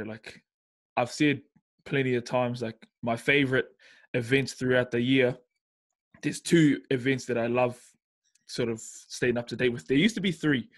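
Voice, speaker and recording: A New Zealand man hosting a casual podcast, laid-back and easy as he chats and throws questions at his guest. His voice sits at a plain middle pitch for a man. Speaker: podcast host. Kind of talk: casual chat.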